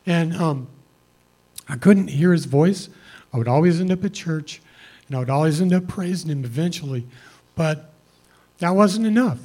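A man's voice: fairly high pitch, expressive, moderate pace, pauses often, a little mellow. Earnest man giving a church testimony. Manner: earnest, conversational, plain-spoken. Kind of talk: personal testimony to a congregation.

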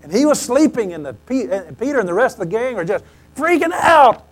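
A man preaching a sermon, telling stories animatedly and acting out quoted lines, often clearing his throat. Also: extremely high pitch, very animated, brisk, rough recording.

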